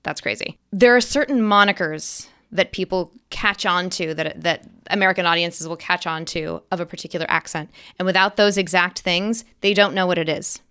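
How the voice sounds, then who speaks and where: A woman's voice: fairly low pitch, normal speed, few pauses, a bit bright, clear, resonant tone. A woman actress talking as an interview guest in casual, enthusiastic, emphatic chat. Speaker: guest actress and accent coach.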